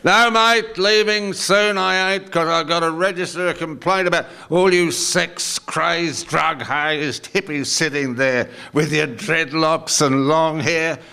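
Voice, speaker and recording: A man's voice: on the high side, takes it slowly, gravelly, few pauses, clear, resonant tone, heavily acted. An older man with an Australian accent playing a belligerent, drunk male larrikin in his seventies, heckling crudely in a performance poem. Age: 70s. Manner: slurred, abusive, shouty heckling. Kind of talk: performance poetry monologue.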